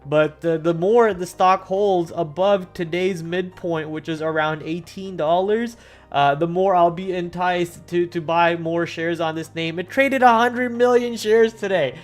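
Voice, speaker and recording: Animated man talking through stock setups. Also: a little high, measured pace, faint music behind. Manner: animated and thinking aloud, with many fillers and restarts. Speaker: stock trading livestream host. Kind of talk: casual market commentary.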